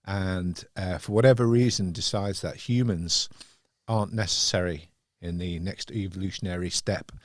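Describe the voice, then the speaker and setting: A man's voice: low voice, steady tone, normal speed, no room sound, clean studio sound. A man hosting a casual film podcast, talking in a reflective way and often searching for words. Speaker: podcast host.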